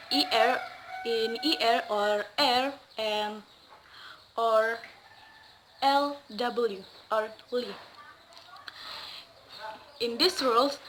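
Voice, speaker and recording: Woman english speaker teaching word stress, slow and hesitant, bit of background hiss. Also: on the high side, fairly bright tone, poor audio. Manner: hesitant, with fillers and self-corrections; repeats example words slowly, stressing syllables.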